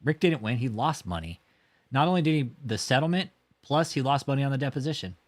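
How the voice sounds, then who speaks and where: A man's voice: medium pitch, fast talker, no room sound. A man hosting a livestream, mocking and swearing as he reacts to video clips. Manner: mocking, profane, lively. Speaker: livestream host. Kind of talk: profane commentary over video clips.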